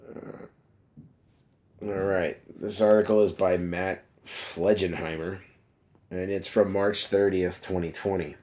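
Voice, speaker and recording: A man's voice: low-pitched, fairly even intonation, takes it slowly, a little mellow. A man blogging casually about politics from his phone, reading an article aloud in a loose, chatty way with plenty of fillers and self-deprecating laughs. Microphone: phone camera app.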